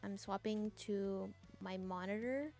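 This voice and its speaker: Woman streamer, chatty, casual, greets chat by name, laughs a lot, middle pitch, desk mic at home. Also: slow pace, darkish tone, soft background music. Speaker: game streamer. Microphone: desk mic, headset off.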